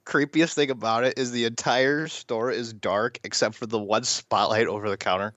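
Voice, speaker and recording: A man's voice: medium pitch, fairly even intonation, moderate pace, fairly bright tone, dry recording. A man co-hosting a podcast in casual chat, laid-back and laughing along. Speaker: podcast co-host.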